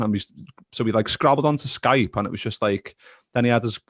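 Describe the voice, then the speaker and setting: A man's voice: medium pitch, fast talker, no echo, clean studio sound. A man co-hosting a football podcast, telling stories in casual chat and acting out the voices he quotes. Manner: animated storyteller, acts out quoted voices. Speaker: podcast co-host.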